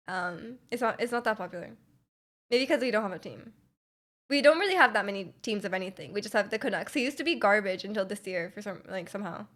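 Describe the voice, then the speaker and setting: A woman's voice: medium pitch, fairly bright tone. A young woman from Canada, a streamer chatting casually with her live chat, rambling with lots of restarts and fillers and laughing often.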